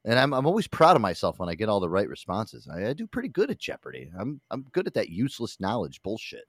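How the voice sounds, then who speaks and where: A man's voice: on the low side, wildly swooping pitch, quick pace, dry recording, clean studio sound. A man hosting a podcast in casual, profane chat, ranting and mocking with plenty of swearing. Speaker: podcast host.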